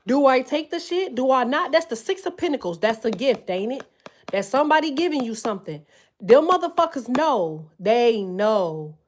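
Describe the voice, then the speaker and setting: A woman giving a loud, animated, profanity-filled casual tarot reading, full of slang. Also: on the high side. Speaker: tarot reader.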